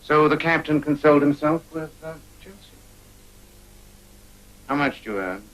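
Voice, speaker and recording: An actor playing a cool, needling private eye in a 1950s crime film, dry and sardonic. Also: male voice, a little high, animated, normal speed, a bit bright, low-quality recording.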